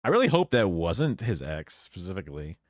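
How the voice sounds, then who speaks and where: A man's voice: sits low, huge pitch swings, a little fast, no room sound, clean studio sound. A man streaming, reacting to a clip with casual, opinionated commentary and lots of fillers. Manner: musing, opinionated, many fillers.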